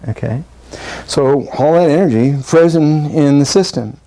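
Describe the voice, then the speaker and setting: Middle-aged guy giving a workshop talk, kinda high voice, jokey, acts out little voices. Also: a little slow. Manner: animated, acts out quoted voices, jokey asides. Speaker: breathwork workshop presenter. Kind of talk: live lecture to a group.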